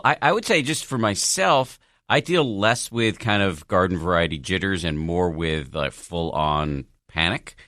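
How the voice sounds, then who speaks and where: Deep-voiced man hosting a podcast. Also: fairly bright tone, dry recording, clean studio sound. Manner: thoughtful, self-deprecating, with restarts. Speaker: podcast host. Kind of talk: podcast talk answering a listener question.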